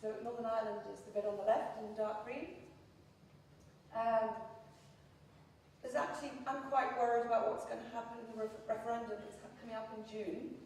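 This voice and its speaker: An Englishwoman gives a conference presentation in a chatty, self-deprecating way, filling her pauses with ums. Her mid-range voice is picked up from across a large hall, with heavy echo, a long reverb tail and faint room hiss behind it. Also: a little high, steady tone, darkish tone. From England. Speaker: conference speaker. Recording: echoey hall recorded from far off.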